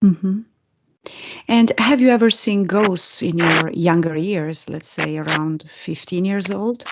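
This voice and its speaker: A woman interviewer with a somewhat low voice asks short prepared questions. She sounds brief and polite. The audio is a bit dull and lo-fi. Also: slow pace, noisy background.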